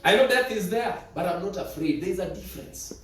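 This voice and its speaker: A man preaches a sermon with a high-pitched, dramatic storytelling manner, often repeating words for emphasis. His voice rings through a very echoey church, heard from far off the mic. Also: lively intonation, fairly quick.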